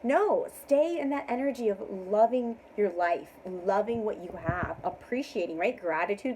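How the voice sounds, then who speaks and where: A woman in the middle range of pitch gives a tarot reading straight to camera. She pushes her affirmations with excited emphasis, laughs easily and sinks to a hushed tone at times. A faint hiss sits under the recording. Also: normal speed, hardly any pauses, low-quality recording. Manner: laughs often; drops to a soft hush. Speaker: tarot reader.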